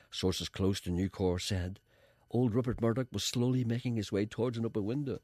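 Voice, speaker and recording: A man's voice: medium pitch, dry recording, studio quality. A man presenting a comic radio show in a sardonic, rambling, mock-grandiose way. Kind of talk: comic radio monologue and banter.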